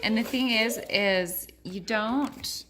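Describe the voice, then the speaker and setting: A woman's voice: fairly high pitch, slow, sharp tone. A woman in her thirties, a mother chatting casually at home about teaching her kids, rambling with lots of fillers and switching to sing-song praise for her children. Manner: chatty and rambling, full of "like" and restarts. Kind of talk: casual home vlog chat.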